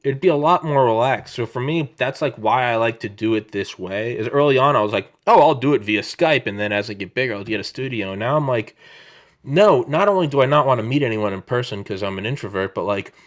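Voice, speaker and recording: A man in his thirties talks casually on a remote podcast, his voice sitting at an ordinary middle pitch. He rambles through stories with a loose, profane, animated delivery. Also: fast. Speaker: podcast host. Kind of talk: casual chat. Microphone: own microphone over video call.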